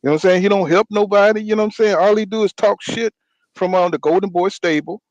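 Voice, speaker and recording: Boxing podcast host, male, high-pitched, fired-up and slangy, recorded dry. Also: quick pace, no room sound, rough recording. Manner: ranting, repeats "you know what I'm saying". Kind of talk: heated casual boxing talk.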